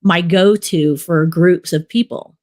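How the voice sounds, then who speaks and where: A middle-aged woman, a documentary director, telling stories in a relaxed interview, rambling with many fillers. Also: on the low side, takes it slowly. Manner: rambling storyteller, many fillers like "you know". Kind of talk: casual interview talk.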